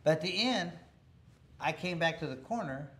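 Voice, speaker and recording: A man's voice: fairly high pitch, expressive, normal speed, a bit bright. A middle-aged man telling a boxing story in a casual interview, rambling with many restarts and chuckling along the way. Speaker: former boxer telling a story.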